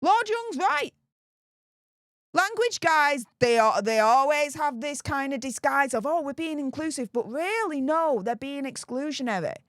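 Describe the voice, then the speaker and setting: A woman's voice: high-pitched, expressive, measured pace, a bit bright, dry recording, clean studio sound. A woman from England with a Northern English accent hosting political commentary, talking in a riled-up, sarcastic, emphatic way. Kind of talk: opinionated commentary.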